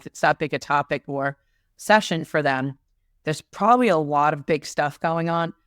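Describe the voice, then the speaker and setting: A middle-aged woman talks through her coaching approach on a podcast, her voice low and smooth. She keeps it lively and slips into quick impressions of clients. The sound is dry and close. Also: no room sound. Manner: animated, acts out clients and salespeople in quick asides. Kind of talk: conversational podcast discussion.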